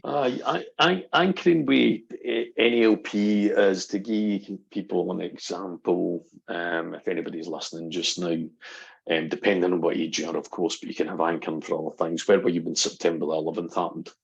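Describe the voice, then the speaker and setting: A middle-aged man, a guest on a casual podcast, talking as an animated storyteller who acts out what people said. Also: deep voice, moderate pace, gravelly, slightly rough, highs cut off. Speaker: guest, NLP practitioner.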